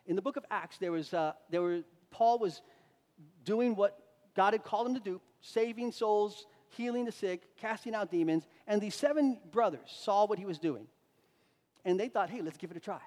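High-voiced preacher in a reverberant hall. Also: male voice, moderate pace. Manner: dynamic preaching, swings between loud emphasis and quiet asides. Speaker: pastor. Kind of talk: sermon.

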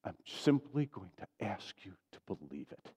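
A man preaching a sermon as pastor, swinging from loud declarations to soft, low asides. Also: very animated, normal speed, husky. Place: church sanctuary.

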